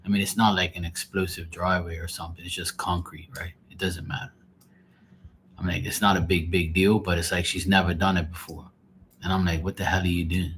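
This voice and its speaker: A man's voice: deep voice, little pitch movement, a little fast, fairly bright tone, a little hiss or hum. A man hosting a casual live stream, rambling and exasperated and swearing freely. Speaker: live tarot reader.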